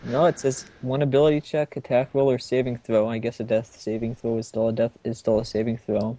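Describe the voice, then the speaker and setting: A man's voice: mid-range voice, level tone, fairly quick, warm tone. A man playing a tabletop game, talking through his moves and rules in a matter-of-fact way. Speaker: player. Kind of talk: casual tabletop gaming chat.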